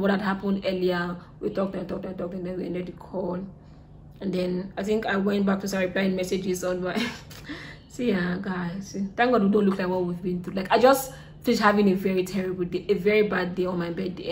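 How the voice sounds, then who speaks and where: A young woman with a Nigerian accent telling a storytime vlog, chatty, repeating herself and drifting soft and subdued. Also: mid-range voice, a little hiss or hum. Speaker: vlogger.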